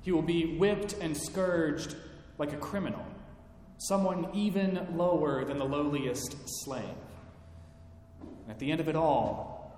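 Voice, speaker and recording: A male pastor delivering a sermon, slow and deliberate with dramatic pauses. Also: a little mellow. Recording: echoey hall, faint rumble.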